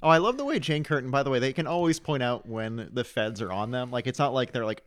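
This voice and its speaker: A man's voice: medium pitch, animated, fast talker, a little hiss or hum. A man chatting casually on a podcast about a film, enthusiastic. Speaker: podcast guest.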